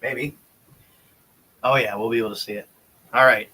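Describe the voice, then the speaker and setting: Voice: mid-range voice, fairly even intonation, moderate pace, pushed and bright, a little hiss or hum. A radio co-host chatting casually in the studio. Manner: chatty and reactive.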